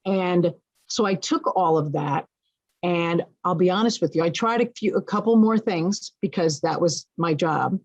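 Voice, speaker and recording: A woman's voice: on the low side, measured pace, a little mellow, dry recording. A woman guest telling a personal story frankly and expressively, with self-deprecating humor. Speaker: interview guest. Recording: dull lo-fi sound.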